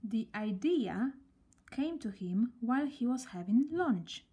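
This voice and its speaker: A woman reading a children's story aloud in a gentle voice, often dropping near a whisper. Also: a little high, lively intonation, takes it slowly, slightly rough, dull audio.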